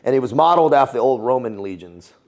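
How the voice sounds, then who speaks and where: A man with a medium-pitched voice and lively intonation speaks at a quick pace, telling a story as a casual interview guest. He served as a Navy SEAL and in the Foreign Legion, and his slangy storytelling is full of swearing and frequent laughter.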